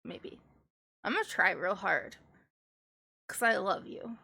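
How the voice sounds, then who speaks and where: A woman's voice: mid-range voice, expressive, slow, vocal fry, sharp tone, husky. A woman VTuber chatting casually with her live-stream viewers, giggly and drawn out.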